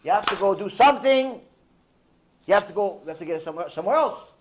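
A firm, fed-up wife, as a man telling a story puts her on, pressing hard and repeating herself. The voice is highish and lively, with sudden pushes in force. It stays close to the storyteller's own voice. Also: quick pace. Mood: insistent. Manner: insistent, urging.

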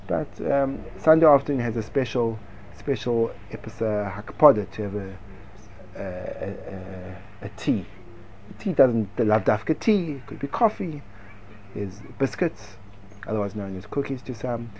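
A man teaching Torah in a lively, argumentative discussion, firing rhetorical questions and sprinkling Hebrew and Yiddish yeshiva terms into his speech. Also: medium pitch, a little slow, a little hiss or hum. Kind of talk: lively Talmudic-style discussion.

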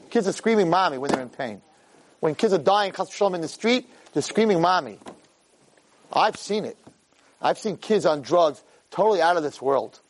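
Over poor audio with some background noise, a fifties-aged rabbi lecturer delivers a lively talk on Jewish ethics. He sprinkles in Hebrew and Yiddish words, repeats phrases for emphasis, and moves between quiet asides and loud, high-pitched quotations.

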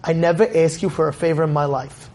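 A man voicing a worried middle-aged father who speaks in a hushed, urgent way. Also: fairly high pitch, level tone, quick pace, close to an everyday voice.

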